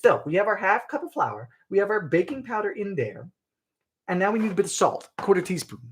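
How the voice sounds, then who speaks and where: A man's voice: sits high, very animated, brisk, a little hiss or hum. A young man from Bermuda, chatting playfully as he hosts a live baking stream from his kitchen. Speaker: baking show host. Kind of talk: casual live-stream chat while baking. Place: home kitchen.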